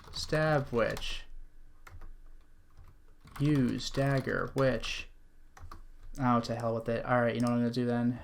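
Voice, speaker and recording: A man streaming an old computer adventure game, chatting wryly and reading the game's text aloud. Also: medium pitch. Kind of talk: casual gameplay commentary.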